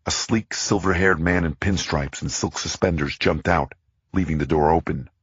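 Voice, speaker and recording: A man narrating a crime thriller audiobook in the first person, tense and measured. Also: rumbling low, a bit bright, breathy edge, no room sound, dull audio.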